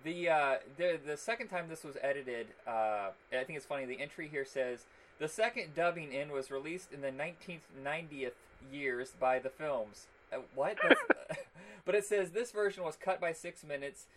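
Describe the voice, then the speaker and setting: A man's voice: a little high, moderate pace, background noise. A man co-hosting a casual podcast chat, wry and amused as he reads from notes about a film. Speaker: podcast co-host.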